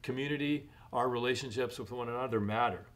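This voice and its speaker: Measured man preaching a sermon. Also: medium pitch. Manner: measured preaching, rising emphasis on key points. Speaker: pastor.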